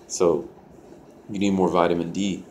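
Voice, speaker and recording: A man's voice: sits low, flat delivery, a little slow, a little mellow, slight background noise. A young man telling a personal story in a loose, profane way, full of "like" fillers. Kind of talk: casual storytelling.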